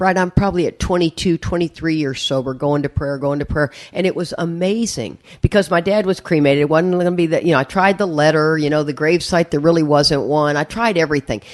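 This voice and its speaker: A middle-aged woman, speaking at a recovery meeting and telling a candid story to a live audience with self-mocking humor. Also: on the low side. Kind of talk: personal testimony to a live audience.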